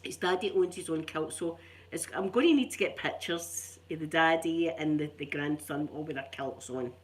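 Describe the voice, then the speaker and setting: A woman's voice: deep voice, normal speed. A middle-aged woman with a Scottish accent, rambling in casual chat as an ASMR channel host, chatty and self-mocking. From Scotland.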